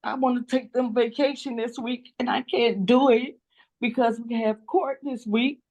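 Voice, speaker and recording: Crying through a phone video call, an older woman pleads with the court at a custody hearing, her closing statement rambling and repetitive. She is a grandmother. Her voice runs on the high side, steady and slightly mellow, at a normal speed.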